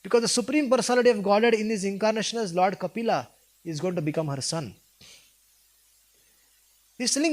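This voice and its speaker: A man's voice: high voice, expressive, a little fast, pauses often. A man giving a devotional talk, retelling a scripture story and voicing its characters with feeling. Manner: asks listeners questions. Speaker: preacher.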